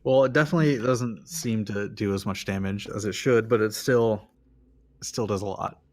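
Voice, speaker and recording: Male dungeon master, low voice, loose unhurried narration. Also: darkish tone. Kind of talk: narrating a tabletop game.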